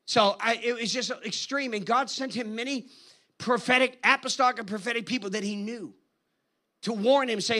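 A man preaching a sermon in an animated, conversational storytelling manner. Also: high-pitched, fairly quick. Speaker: guest preacher.

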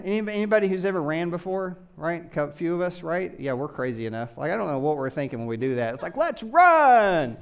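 A pastor giving a conversational sermon, full of rhetorical questions and calls for agreement. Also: male voice, sits high, smooth. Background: live congregation.

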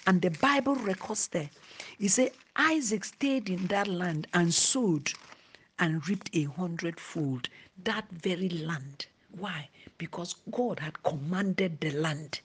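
A woman preaching a sermon, dropping to a hushed whisper at times and rising to emphasis. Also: lowish voice, animated, slow pace, husky.

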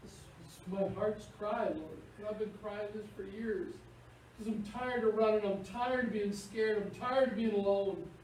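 A man preaching a sermon in an animated, playful way, acting out little scenes. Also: high voice, unhurried. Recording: echoey room, picked up from far off, faint hiss.

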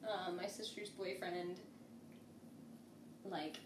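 A woman's voice: on the low side, fairly even intonation, takes it slowly, distant mic. A woman guest on a podcast, chatting casually and filling her talk with "like.". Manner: chatty, constant "like" fillers. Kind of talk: casual conversation. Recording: roomy and off-mic with noise.

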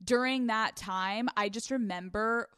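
A young woman hosting a podcast from a couch at home, telling stories in casual, animated chat full of swearing. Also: a little high, a little slow, clean tone, dry recording, clean studio sound. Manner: animated, profane, storytelling. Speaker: podcast host.

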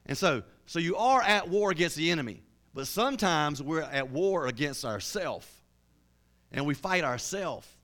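A man's voice: fairly high pitch, animated, normal speed, fairly bright tone. A man preaching a sermon with fervour, often repeating and restarting his words.

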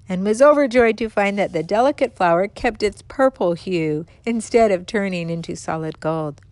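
A woman narrating a classic fairy tale aloud in a gentle, expressive storybook manner. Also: fairly low pitch, no room sound.

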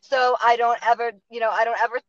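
A woman with a Boston accent hosts a relaxed interview, talking on and on with plenty of fillers. The sound is dry and a little dull, with no room echo. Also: fairly high pitch, quick pace. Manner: chatty, lots of fillers and likes. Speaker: podcast host. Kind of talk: casual interview chat.

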